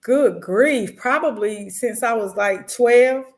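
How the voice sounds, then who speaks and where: A woman author speaking as a guest, telling personal stories in an animated, expressive way. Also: a little high, slow. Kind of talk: casual chat.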